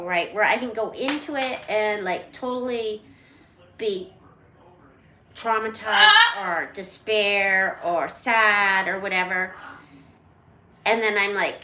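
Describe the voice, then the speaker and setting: A sharp-toned, mid-range voice belongs to a middle-aged parrot rescue channel host telling a story to camera at home. The casual tale comes out dramatic, emotional and rambling, full of restarts, recorded in an echoey indoor room.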